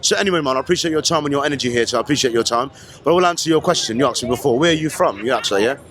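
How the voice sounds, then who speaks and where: Fast-talking man in a put-on London accent. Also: medium pitch, lively intonation, a bit bright, a little hiss or hum. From Brooklyn, New York. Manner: slangy, fast, chummy, peppered with bruv and innit. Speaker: street interviewer. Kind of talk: casual street interview. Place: outdoor city festival.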